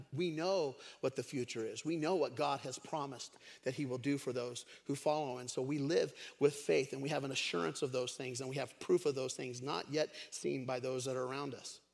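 A pastor preaches a sermon in a chatty, storytelling style, peppering it with fillers. His voice is mid-range, gravelly, and a little fast, echoing through a large hall.

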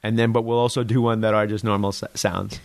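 A man hosting a casual podcast chat, relaxed and friendly, saying "dude" often. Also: on the low side, fast talker, creaky, no echo. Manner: laid-back, says "dude" a lot. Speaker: podcast host.

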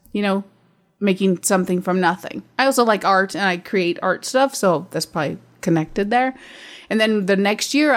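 Blunt woman in her fifties chatting. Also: medium pitch. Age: 50s. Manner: blunt straight talker, laughs often. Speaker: podcast co-host. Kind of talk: casual chat.

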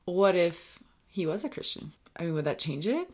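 A woman's voice: fairly low pitch, big pitch swings, normal speed, a little mellow. A woman podcast host in casual chat, encouraging her guest and asking rhetorical questions.

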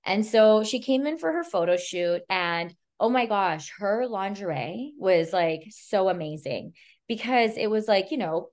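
A woman's voice: mid-range voice, lively intonation, measured pace, a little mellow. Woman, podcast guest, casual storytelling, chatty, lots of fillers, acts out dialogue. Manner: chatty, filler-heavy, retells scenes with quoted dialogue. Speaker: boudoir photographer guest.

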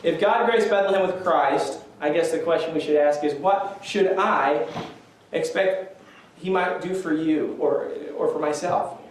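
A pastor with a higher-pitched voice gives a conversational sermon in a church sanctuary, speaking a little slowly. He is easygoing and self-deprecating, chuckling along, and the distant recording carries church echo plus slight hiss or hum.

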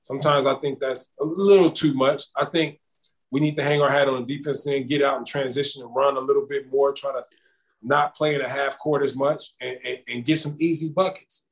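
A man's voice: medium pitch, steady tone, brisk, low-quality recording. A man in the middle of his range talks as a podcast guest over a remote call. He is easygoing and chatty, looping back through "I, I" restarts as he builds his points. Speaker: podcast guest, former basketball champion. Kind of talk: relaxed conversational interview.

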